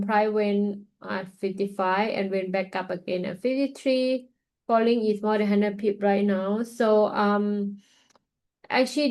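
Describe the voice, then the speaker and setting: A woman hosts a live trading webinar and talks through the charts as she watches them. She sounds tired and yawns through it, with lots of fillers and loose grammar in her English. Her voice sits at a middle pitch. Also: darkish tone, low-quality recording. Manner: casual, thinking aloud while watching charts. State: tired, yawning. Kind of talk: live market analysis.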